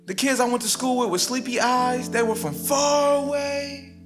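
A man, a rapper telling a spoken-word story in a rhythmic, wry way with dramatic pauses. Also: extremely high pitch, steady tone. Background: guitar music.

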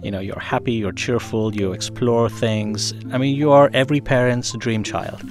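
Measured male radio narrator. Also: medium pitch, fairly even intonation, over music. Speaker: radio show host and interviewer. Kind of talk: scripted narration with interview questions.

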